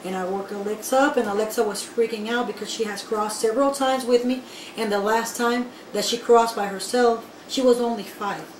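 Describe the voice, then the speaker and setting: A woman from Guatemala, telling her own story in an interview in an animated, emphatic way and speaking straight to the listeners. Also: fairly high pitch, a little fast. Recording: echoey room, voice from far off, faint background noise.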